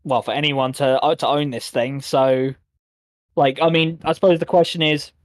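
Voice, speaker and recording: A man's voice: on the high side, moderate pace, no echo. Sweary man playing a tabletop game, dry sound. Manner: swears freely, hesitant restarts, animated rants. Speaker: player. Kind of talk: casual tabletop game chat.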